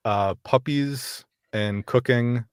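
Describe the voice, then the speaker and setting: A man talking as a guest on a podcast in casual chat, chatty and animated with quick asides and laughs. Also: medium pitch, clean tone, no echo, clean studio sound.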